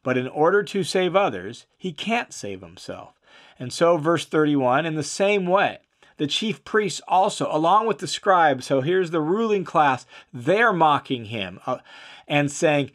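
A man's voice: fairly high pitch, lively intonation, measured pace, fairly bright tone. A man teaching through a Bible passage, reading each verse aloud and then explaining it with emphatic repetition and some "uh" fillers. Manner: emphatic, repeats key phrases for stress.

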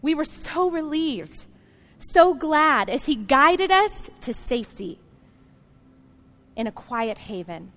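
Woman pastor preaching, high voice, earnest, gets loud and emphatic, talks right to the crowd. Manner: direct appeals to the congregation. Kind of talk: sermon.

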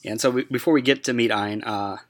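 A man's voice: medium pitch, steady tone, quick pace. Easygoing male podcast host. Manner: agreeable, steers the episode rundown. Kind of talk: casual chat.

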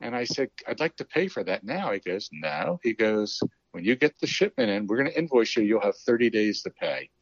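A man's voice: on the low side, brisk, few pauses, no echo. A middle-aged man telling a story in a casual interview, acting out the dialogue he recalls. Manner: animated, acts out quoted dialogue, chuckles. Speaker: guest telling a business story. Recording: dull lo-fi dry sound.

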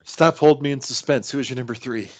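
A man's voice: medium pitch, fast talker, no echo. A man from Iowa co-hosting a podcast, chatting casually and jokingly in an easygoing way. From Iowa, United States. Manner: easygoing, jokey, animated storyteller. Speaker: podcast co-host. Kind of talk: casual chat.

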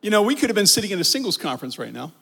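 A man's voice: high-pitched, big pitch swings, racing, creaky, pushed and bright, a little hiss or hum. A man telling a story about his wedding in a casual way, with many ums and restarts. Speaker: guest, husband telling a story.

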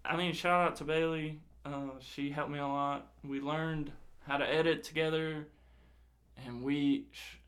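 A young man with a slightly high voice casually tells a personal story at a measured pace. He swears a lot and animatedly acts out the quoted dialogue.

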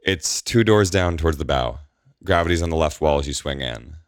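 A man's voice: extremely low pitch, animated, moderate pace, dry recording, studio quality. A man voicing a young woman on a spaceship who speaks bluntly and sounds puzzled.

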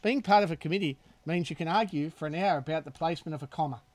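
A man's voice: fairly high pitch, fast, darkish tone, no room sound. A man hosting a casual chat, reading out listener questions with dry, wry humor. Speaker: host.

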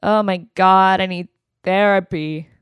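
A woman's voice: medium pitch, steady tone, smooth, dry recording, lo-fi sound. A woman hosting a podcast, venting on her own with frequent swearing and quoted asides. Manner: venting, swearing, quoting others in quick asides. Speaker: podcast host. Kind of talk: frustrated solo recording after a call.

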